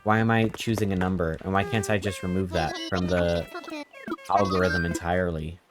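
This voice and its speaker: A young man with a very low-pitched voice hosts a live game stream. He rambles and jokes with his viewers as he reacts to chat. Game music plays clearly behind him the whole time. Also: level tone, moderate pace.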